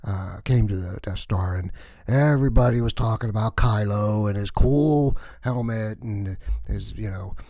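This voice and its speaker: A man doing a gossipy cleaner from a space station, rambling and chatty, full of asides. His voice is low and mellow, and it sounds dry and close. A comic sketch told as backstage gossip. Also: measured pace, no echo, lightly acted.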